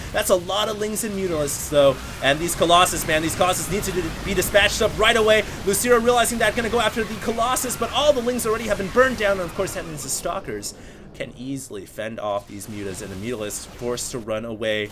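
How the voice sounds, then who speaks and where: A man casting a video game replay on his own, energetic play-by-play with excited bursts at big plays and chatty asides to his viewers. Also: high-pitched, brisk, background noise. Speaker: esports caster.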